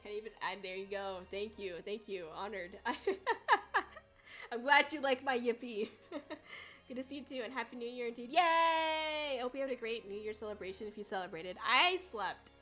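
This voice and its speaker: A young woman chatting casually on a livestream, rambling and giggly with bursts of excitement. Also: a little high, moderate pace, soft background music. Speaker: VTuber streamer.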